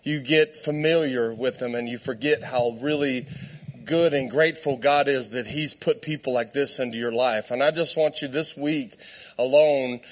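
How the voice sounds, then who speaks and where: A man preaching in church, telling a funny story with lots of laughter and animated quoted voices. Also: medium pitch, moderate pace. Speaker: guest preacher. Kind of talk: storytelling sermon.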